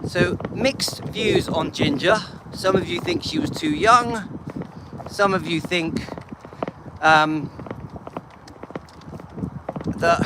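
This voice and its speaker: A man with an English accent hosting a walking vlog, out of breath and talking emphatically to his viewers. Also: high-pitched. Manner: emphatic, scornful asides to viewers. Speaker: channel host. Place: outdoors on a walk. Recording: loud wind and street noise outdoors.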